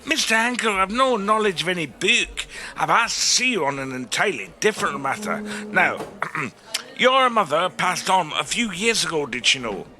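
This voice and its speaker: An actor playing a prim, patient lawyer who speaks precisely and formally in a comedy audio drama. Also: male voice, high-pitched, big pitch swings, normal speed.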